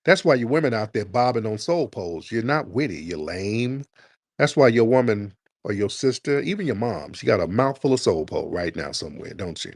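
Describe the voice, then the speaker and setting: A man hosting a call-in show, taunting a caller with mocking, drawn-out repeated questions. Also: lowish voice, animated, dry recording, studio quality. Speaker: host of a call-in talk show. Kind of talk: confrontational call-in radio talk.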